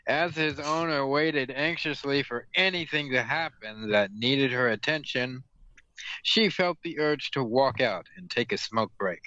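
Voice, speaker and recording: A man's voice: mid-range voice, unhurried, sharp tone, no echo. A man reading fan fiction aloud for laughs, stumbling over words and correcting himself. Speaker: reader and host. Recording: dull lo-fi audio, dry room.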